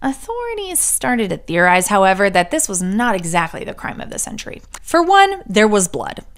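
A woman's voice: medium pitch, wildly swooping pitch, moderate pace. A woman hosting a true crime podcast, telling the story with sarcastic asides and the odd whispered joke. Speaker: podcast host.

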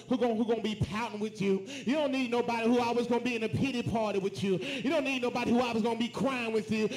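A pastor preaching a sermon with call and response, rising to shouts. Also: male voice, very high-pitched. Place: church sanctuary. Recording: echoey church room.

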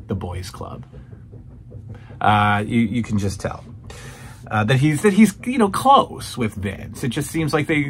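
A man's voice: medium pitch, a bit bright, slight background noise. A man hosting a show that reviews old wrestling broadcasts, chatting casually and rambling with many restarts and fillers. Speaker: podcast host reviewing old wrestling shows. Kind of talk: casual chat.

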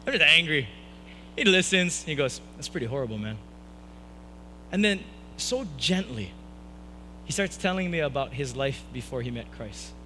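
A young man preaches from a church stage, recorded for a live stream, and tells a personal story with lively, animated delivery. His voice is bright and forceful and sits a little high for a man. A faint hum runs under the recording. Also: moderate pace, poor audio. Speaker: pastor.

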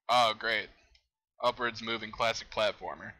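Young man, let's play commentary, very bright voice, excitable outbursts. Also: fairly low pitch, moderate pace, poor audio. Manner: excitable, exclaims and laughs at the game. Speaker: gamer.

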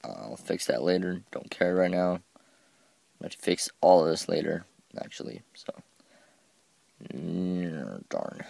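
A man talks his way through a game in a loose, rambling commentary, poking fun at himself and tripping over words. His voice sits deep and carries a gravelly fry. The recording is dry and close, with no room sound. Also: animated, normal speed, darkish tone, no echo. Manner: rambling, self-mocking, stumbles over words. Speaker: gameplay commentator.

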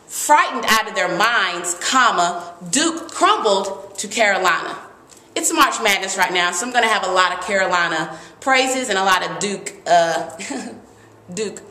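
Woman teacher, lively grammar lesson, crisp bright tone, roomy echo. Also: medium pitch. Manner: lively, emphatic, reads examples aloud. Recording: echoey room.

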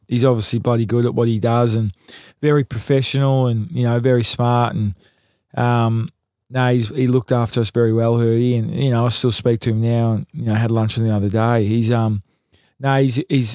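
A laid-back Australian man answering interview questions, pausing often and filling gaps with ums. His voice sits at an ordinary male pitch, dry and close to the mic. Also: dark tone, no room sound. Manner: laid-back, hesitant, many fillers. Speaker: football player guest. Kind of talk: casual interview chat.

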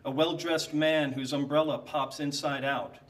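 A man reading a prepared humorous tribute aloud at an evening event, with dry, deadpan comic timing. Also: a little high, unhurried, far from the mic. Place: lecture hall.

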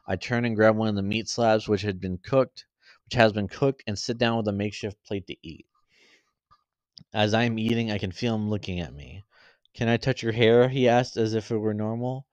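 A man reading a fan story aloud, halting and often stumbling and correcting himself. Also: on the low side, a little mellow, no room sound. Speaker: story reader.

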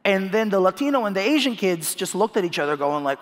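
A man from the Philippines in his thirties, talking in an onstage interview, animated, laughing often and repeating words as he restarts. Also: high-pitched, quick pace. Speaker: guest speaker. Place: large hall on stage. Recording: hall reverb.

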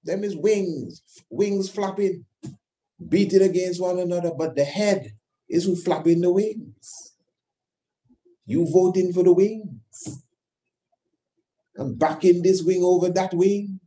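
A man's voice: high voice, slow pace, long pauses, dark tone. A man delivering an impassioned monologue, emphatic and repetitive, firing rhetorical questions. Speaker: host of his own channel.

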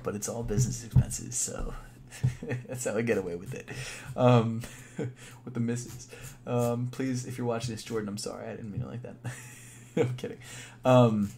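A young man chatting casually on a live stream, thinking out loud in a laid-back way with plenty of fillers. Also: mid-range voice, slight background noise. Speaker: sneaker YouTuber live streaming.

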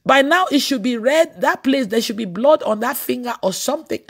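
A woman preacher gives a lively sermon, slipping into a storytelling tone. Her voice sits a little high. She breaks into laughter and sudden exclaimed shouts as she tells her stories. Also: fairly quick, few pauses, husky.

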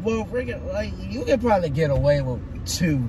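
A man's voice: sits high, very animated, brisk. A man hosting a casual vlog, easygoing and talking straight to the viewers as y'all. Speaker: vlog host. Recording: vlog audio with traffic noise.

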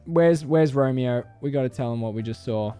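A man streaming a game, giving casual commentary in a joking, excitable way and swearing freely. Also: medium pitch, a little fast, clean tone, soft background music.

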